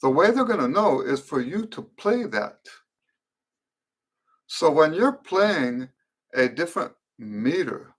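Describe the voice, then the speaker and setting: A middle-aged man teaching trumpet players in a live-stream Q and A, explaining in a thoughtful, unhurried way with fillers and restarts. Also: a little high, fairly bright tone.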